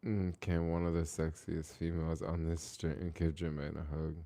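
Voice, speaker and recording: Young male streamer, low and gravelly, loose rambling delivery, answers chat as he talks. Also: flat delivery, normal speed, warm tone. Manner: rambling, heavy use of "like", reads and answers viewer comments. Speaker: live streamer. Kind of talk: casual live stream chat.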